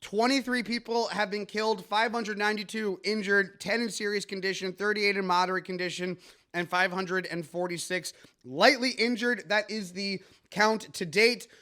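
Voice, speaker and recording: A man's voice: high-pitched, steady tone, normal speed, pushed and bright. A man hosting a comedic news podcast, rambling and joking with many fillers and restarts. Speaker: podcast host.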